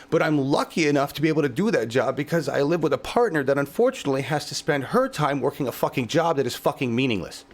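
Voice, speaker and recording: Gravelly, profane ranting man. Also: on the high side. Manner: heavy swearing, fervent and exasperated. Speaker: show host. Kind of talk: impassioned political podcast rant.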